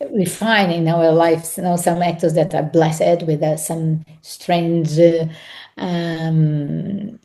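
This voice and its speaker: A woman with an Italian accent reflects on her craft as a guest. Her voice sits low and warm. She stumbles and repeats words as she works through English, which is not her first language. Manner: halting, repeats words while searching for English. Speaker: actress, podcast guest. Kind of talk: reflective interview answers.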